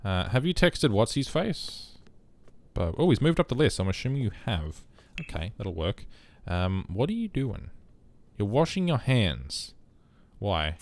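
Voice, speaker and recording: A man casually commenting on his life-simulation game, rambling and breaking into sudden excited outbursts. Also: fairly low pitch, a little slow, no echo. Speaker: let's play host.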